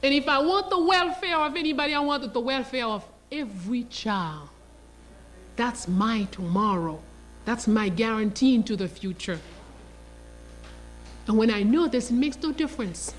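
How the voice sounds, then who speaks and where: An older woman lecturing in an animated, emphatic storytelling style. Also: fairly high pitch, normal speed, slight background noise. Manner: animated, emphatic, acts out quoted dialogue.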